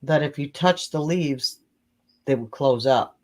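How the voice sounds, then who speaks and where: A woman co-host in casual chat, telling a childhood memory in a relaxed way. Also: sits low, unhurried, rough recording.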